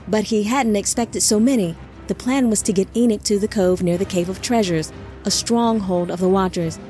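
A woman narrating an audiobook in a steady storytelling manner. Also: mid-range voice.

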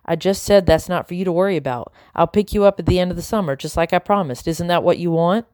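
A woman's voice: fairly low pitch, fast talker, a little mellow, no echo, clean studio sound, natural voice. A woman reading aloud, voicing a tired, defensive father speaking in a tight, flippant tone.

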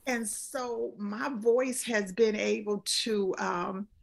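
A woman's voice: medium pitch, steady tone, slow, creaky. A woman in her fifties, a guest speaker talking earnestly in a casual interview, repeating phrases for emphasis. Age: 50s. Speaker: guest speaker and life coach.

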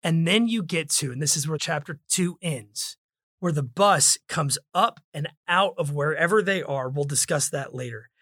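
A man's voice: on the high side, moderate pace, fairly bright tone, no echo, clean studio sound. A man hosting a book discussion podcast, talking in an emphatic, preacher-like way. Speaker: podcast host.

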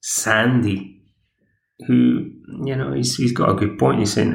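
A man's voice: medium pitch, fairly even intonation, takes it slowly, creaky, a little hiss or hum. Male podcast host, digressive recapper, echoey room. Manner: chatty, digressive. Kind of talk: casual episode recap.

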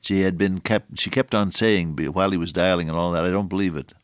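Older guy preaching, low voice, dry close sound, goes soft then builds up big. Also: no room sound. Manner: alternates hushed storytelling with raised emphatic exhortation; slow deliberate phrasing. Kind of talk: sermon.

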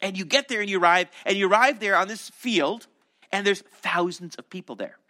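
A man's voice: high voice, brisk, sharp tone. A man preaching a sermon as a pastor, telling the story animatedly and acting out the voices of crowds and disciples.

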